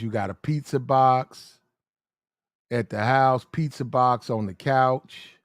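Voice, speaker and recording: In casual talk, a man hands out blunt dating advice full of slang, slowing down and stretching his words whenever he lists details. His mid-range voice is captured at studio quality with no room sound.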